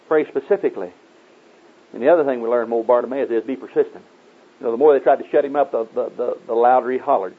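Male preacher, husky voice, folksy sermon storytelling, lo-fi phone-like recording. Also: quick pace. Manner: folksy storytelling, acting out voices in raised pitch. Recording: tinny phone-like old tape.

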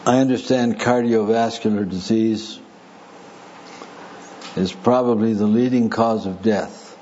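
A man preaching a sermon to a live audience, speaking deliberately with dry humor. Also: lowish voice, steady tone, dark tone. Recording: muffled recording with faint noise.

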